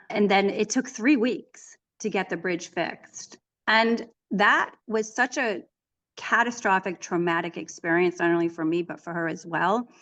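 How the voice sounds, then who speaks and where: A woman's voice: mid-range voice, lo-fi sound. Chatty middle-aged woman telling stories. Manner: chatty, animated storytelling with frequent restarts. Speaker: author and equine therapist, guest. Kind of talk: casual interview conversation.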